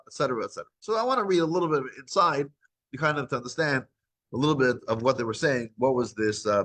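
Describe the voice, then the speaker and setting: A man teaching a weekly scripture class, retelling the text as lively back-and-forth dialogue, with frequent restarts. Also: medium pitch, rough recording.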